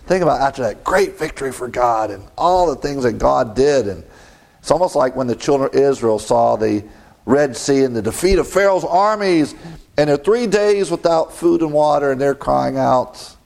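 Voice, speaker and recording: A man's voice: mid-range voice, animated, moderate pace, vocal fry, darkish tone. A man preaching a sermon, reading scripture and adding conversational asides with frequent chuckles.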